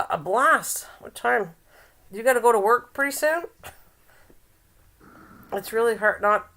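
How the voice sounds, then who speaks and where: An older woman chats casually on a home live stream. She teases her viewers and laughs a lot, in a middle-pitched voice. When she reads aloud, she slows down and stumbles over words. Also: fairly bright tone. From Canada. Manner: chatty and teasing, laughs often, reads aloud haltingly.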